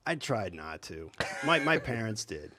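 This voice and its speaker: Easygoing male co-host with a lower voice, telling relaxed anecdotes in casual conversation. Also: a little slow, noisy background. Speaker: podcast co-host. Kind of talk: casual chat.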